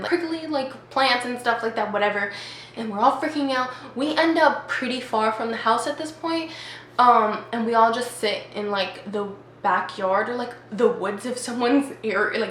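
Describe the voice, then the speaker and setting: A woman's voice: fairly high pitch, fairly bright tone. A young adult woman telling a casual storytime as a vlogger. She talks in a chatty way and says "like" a lot. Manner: chatty, heavy use of "like". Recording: echoey room with faint noise.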